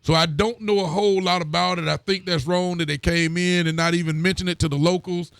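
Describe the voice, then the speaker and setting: A man's voice: high-pitched, fairly even intonation, brisk, vocal fry, a bit bright, smooth, no echo, clean studio sound. A man, a sheriff hosting a local show and greeting viewers by name in a friendly, casual way. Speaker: county sheriff and show host. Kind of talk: casual chat reading out viewer comments.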